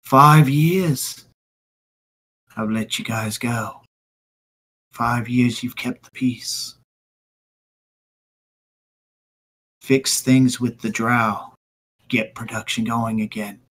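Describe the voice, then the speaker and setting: A man voicing a cruel, menacing tall male stranger who speaks in a low, quiet, threatening drawl. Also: fairly even intonation, slow pace, pauses often, husky.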